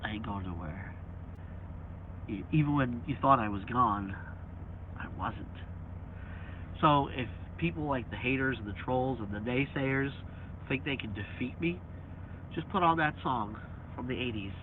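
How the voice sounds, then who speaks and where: A man's voice: medium pitch, animated, moderate pace, pauses often. A man vlogging about his truck in a casual, profane rant, swearing freely and mocking his critics. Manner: swears freely, mocks critics with sing-song voices. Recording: tinny phone-like audio with faint hiss.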